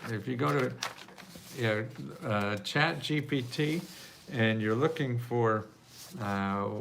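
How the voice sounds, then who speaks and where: A man's voice: medium pitch, gravelly, fairly bright tone, a little hiss or hum. An older man hosting a live video stream, answering viewer questions in a chatty, rambling way and laughing often. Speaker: livestream host answering viewer questions about grants. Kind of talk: casual live Q&A.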